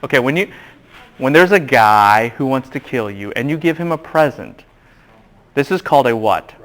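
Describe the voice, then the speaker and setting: A man giving a classroom Bible lecture, animated and quizzing the students with questions. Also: mid-range voice, normal speed.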